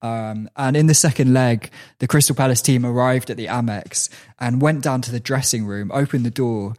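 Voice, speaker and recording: A man hosting a chat podcast, telling a sports story at a mid pitch. He laughs often and restarts his sentences as he talks. It sounds easy and conversational. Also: moderate pace, darkish tone. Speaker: podcast host.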